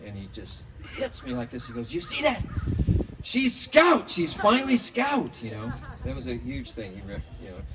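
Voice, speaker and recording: Male eulogist, slightly low voice, chatty and rambling, picked up from a distance outdoors. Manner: rambling, anecdotal, many fillers. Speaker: speaker at a memorial. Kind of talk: storytelling memorial tribute. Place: outdoors in a park. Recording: distant mic outdoors, faint background noise.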